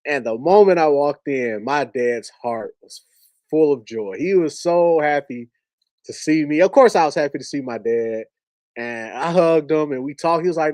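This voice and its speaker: A man recounts a personal story on his livestream, candid and halting, often breaking into a laugh. His voice sits slightly high for a man. The sound is close and dry, with no room around it. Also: darkish tone, no echo. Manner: candid, halting, laughs while telling stories. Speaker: host.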